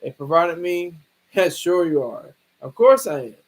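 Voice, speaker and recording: A man hosting a livestream, talking through a case in a rambling, halting way with many restarts. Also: a little high, lively intonation, low-quality recording. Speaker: livestream host. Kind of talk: casual livestream commentary.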